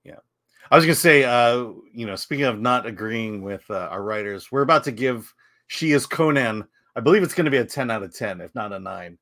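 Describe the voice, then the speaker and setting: Lively laid-back man telling stories. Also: medium pitch, fairly quick, dry recording. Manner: laid-back, laughs often, animated storytelling. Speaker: co-host of a film talk show. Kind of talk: casual livestream chat.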